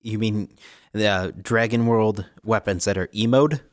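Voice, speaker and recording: A man's voice: on the low side, measured pace, no echo, clean studio sound. A man co-hosting a casual card game podcast, chatty and upbeat, laughing often and stumbling over words now and then. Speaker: co-host.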